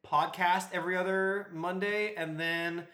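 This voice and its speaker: Man, podcast host, excitable, swears a lot, slightly high voice, roomy echo. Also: measured pace. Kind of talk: casual podcast chat.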